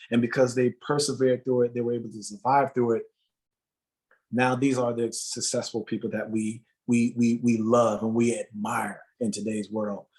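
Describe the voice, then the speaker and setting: A man's voice: mid-range voice, darkish tone. A man from Jamaica, a musician giving an interview, tells his story in an earnest, motivational way and repeats phrases for emphasis. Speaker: guest, musician and motivational speaker.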